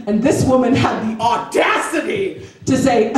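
A woman's voice: on the high side, lively intonation, normal speed, a little mellow. A woman in her thirties doing a chatty, self-deprecating stand-up set in the back room of a shop. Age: 30s. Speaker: stand-up comedian and host. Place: back room of a skate shop, live audience. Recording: echoey room, mic from far off.

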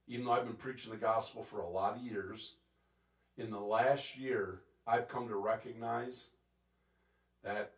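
A man preaching a sermon as pastor, intense and animated, acting out quotes and laughing between points. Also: medium pitch, reverberant. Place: church sanctuary.

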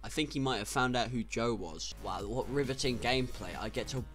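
A young man giving casual, sarcastic gameplay commentary, swearing and breaking into sudden loud outbursts. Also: medium pitch, a little fast, faint music behind. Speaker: gaming YouTuber.

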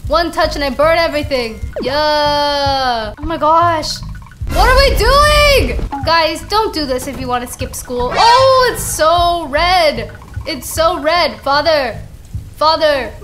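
A young woman hosting a gaming channel, giving excitable, exclamatory commentary and often giggling. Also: sits high, slow pace, soft background music.

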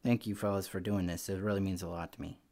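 A man voicing a grouchy older male neighbor in a children's story, speaking in a gruff drawl. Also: low-pitched, steady tone, fast, mellow. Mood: grumbling.

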